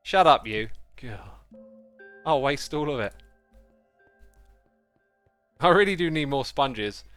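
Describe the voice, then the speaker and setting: A man's voice: mid-range voice, lively intonation, slow, fairly bright tone, faint music behind. A man streaming a game live, chatting and muttering to himself as he plays. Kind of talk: casual gaming livestream commentary.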